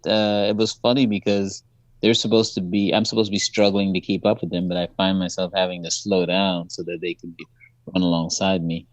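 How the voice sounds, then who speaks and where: A man's voice: low-pitched, flat delivery, brisk, dry recording. A man from Trinidad, telling stories with laughs as a guest on a casual chat. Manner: laughing, anecdotal storyteller. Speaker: guest actor.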